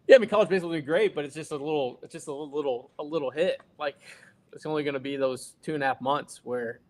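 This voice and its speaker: A man's voice: on the high side, fast. A young man co-hosting a casual live stream, talking in repeated, hedging phrases. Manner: repeats himself, hedges with "like". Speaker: co-host.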